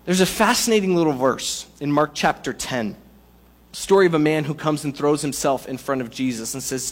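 A man delivering a sermon, his voice sitting a little higher than most men's. He preaches in a relaxed, conversational way and leans on humorous analogies to make his point. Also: brisk. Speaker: pastor.

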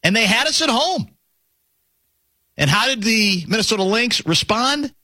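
A middle-aged man hosts a sports talk show with a high, bright, ringing voice. His delivery is animated and swoops up and down as he tells stories and needles his co-host. The sound is dry and close. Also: measured pace, no room sound. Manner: chatty, teasing, animated storytelling.

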